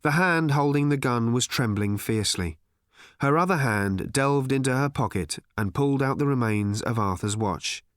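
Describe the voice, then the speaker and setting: With a medium pitch and moderate pace, a man gives an expressive storytelling read of an audiobook script. The recording is dry and the studio sound clean.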